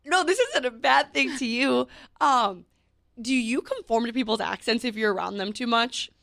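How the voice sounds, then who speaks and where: Young woman podcast co-host, casual and chatty, rambling tips, slightly high voice, dry close sound. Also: moderate pace, gravelly, a bit bright, no echo. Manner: chatty, giving tips in a loose, rambling list. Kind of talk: casual chat.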